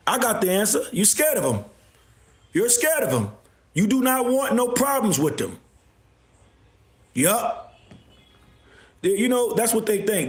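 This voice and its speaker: A man hosting a livestream, delivering a repetitive, confrontational rant with bursts of shouting. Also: high-pitched. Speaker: livestream host. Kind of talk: ranting livestream monologue. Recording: echoey room.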